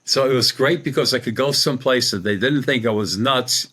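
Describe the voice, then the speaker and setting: Brief: middle-aged male medium guest, colloquial rambling storyteller, mid-pitched. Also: fairly quick, sharp tone, husky. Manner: rambling, colloquial, acts out quoted dialogue. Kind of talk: conversational storytelling.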